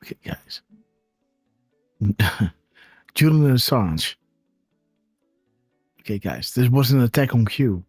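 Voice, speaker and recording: Male host, slow emphatic commentary, keeps saying "right?", dry sound. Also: medium pitch, animated, a little mellow, slightly rough, dry recording, soft background music. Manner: tags sentences with "right?", emphatic. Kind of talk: live commentary show.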